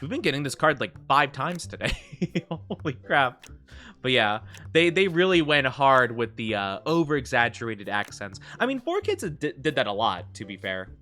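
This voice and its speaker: A man's voice: mid-range voice, pushed and bright. A man streaming a game, chatting casually in a rambling way, full of fillers and laughing easily. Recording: faint background music.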